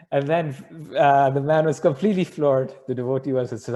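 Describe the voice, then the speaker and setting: A man's voice: medium pitch, normal speed, few pauses, warm tone. A man answering a question with an earnest, rambling story that corrects itself as he goes. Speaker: spiritual speaker answering a question.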